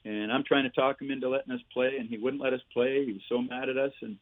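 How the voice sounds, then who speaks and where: A man in his sixties spins lively hockey anecdotes, tagging lines with "eh" and laughing as he goes. His voice comes through a thin, phone-like line with a dry, close sound. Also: medium pitch, fast, no room sound. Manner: animated anecdotes with laughs and "eh" tags. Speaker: guest, former player and coach. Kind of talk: storytelling interview.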